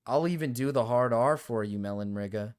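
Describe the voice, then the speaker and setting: A man streaming live, joking loudly and swearing in casual banter. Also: mid-range voice, brisk. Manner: loud, joking, swears a lot.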